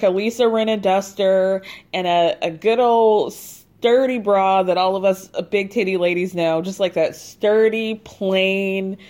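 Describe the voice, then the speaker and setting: A woman telling a story with lively energy, her voice pitched in an ordinary middle range. She speaks casually and swears freely, and she laughs at her own side comments as she recaps events for her listeners. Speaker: podcast host recapping a reality show.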